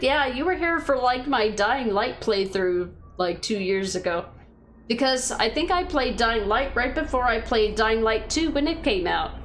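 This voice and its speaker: A woman's voice: on the high side, slight background noise. Chatty woman streamer thinking aloud. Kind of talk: casual chat reading viewer comments.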